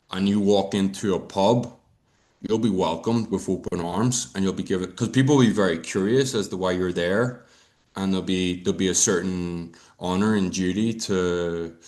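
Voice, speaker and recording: An Irish man, a podcast guest, talking in a rambling casual way, swearing and trailing off with fillers. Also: sits low. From Ireland.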